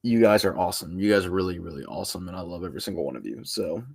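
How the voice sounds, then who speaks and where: Young male streamer, lowish voice, tired, loose rambling chat that trails off quietly. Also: racing, vocal fry, husky. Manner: rambling and informal, trailing off softly at the ends of phrases. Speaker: live streamer. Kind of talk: casual live stream chat.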